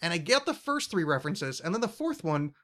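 A man's voice: fairly high pitch, big pitch swings, brisk, pushed and bright. Rambling, laughing male podcast host. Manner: rambling, laughs often, swears. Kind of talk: casual chat.

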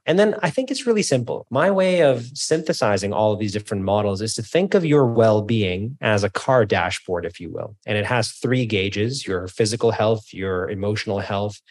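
A man speaks as a podcast guest, his voice on the low side. His delivery is energetic and explanatory, like a keynote speaker. He breaks off now and then to rephrase. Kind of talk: interview conversation.

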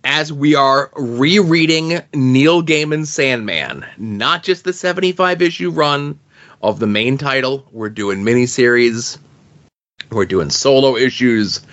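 A man's voice: medium pitch, fairly bright tone, dull audio. A man co-hosting a podcast, introducing a segment in an organized way and handing over to his partner. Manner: organized, segues between segments. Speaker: podcast co-host.

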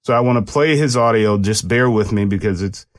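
Male commentator with police background, lowish voice, talky and explanatory. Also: brisk. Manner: conversational, explanatory, with restarts. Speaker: commentator and former police officer. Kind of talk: casual commentary on a case.

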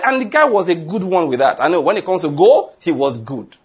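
Husky-voiced pastor preaching. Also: male voice, sits high, brisk, hardly any pauses. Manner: animated storytelling with rhetorical questions. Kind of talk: sermon.

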